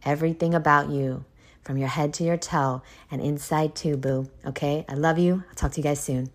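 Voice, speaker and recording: A woman's voice: low voice, fairly even intonation, normal speed. A young woman hosting a podcast, chatting in a confiding way, swearing freely and filling her talk with "like". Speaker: podcast host. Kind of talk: casual confessional chat.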